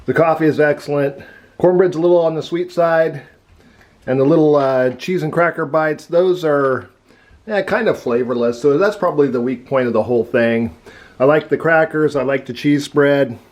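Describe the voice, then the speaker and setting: A man's voice: a little high, moderate pace, a little mellow. A man giving a casual taste-test review, chewing and talking with his mouth full. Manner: chews and talks with mouth full. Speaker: food reviewer.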